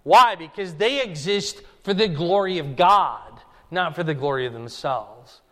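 A man's voice: a little high, expressive, measured pace, a bit bright. A man preaching an expository Bible sermon, conversational and emphatic, pushing his voice up for stress. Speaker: pastor. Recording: long hall reverb.

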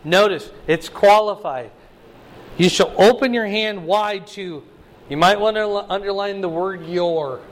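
A man's voice: measured pace, low-quality recording. A man teaching a Bible lesson as a pastor, reading Scripture aloud and often checking in with his listeners with "okay?" and "right?". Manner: animated, swings pitch high when voicing God's words, checks in with "okay?". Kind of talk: sermon, Bible study teaching.

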